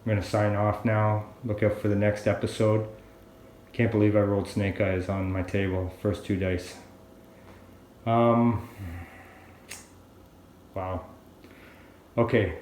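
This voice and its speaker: A man's voice: lowish voice, flat delivery, darkish tone, echoey room, slight background noise. A man casually narrating a video diary about building his own game table, talking alone in his workshop. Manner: slow, unhurried and chatty. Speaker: hobbyist woodworker vlogger.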